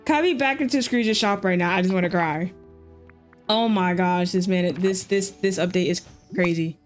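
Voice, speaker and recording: A woman live streamer chatting casually and excitedly with her viewers while she plays, using lots of slang. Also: lowish voice, moderate pace, faint music behind.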